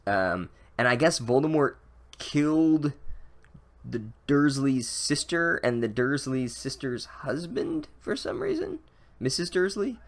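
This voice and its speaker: A man's voice: fairly high pitch, sing-song, takes it slowly, gravelly. A man giving a rambling, sarcastic, profane comedic recap of a book, full of "like" and restarts.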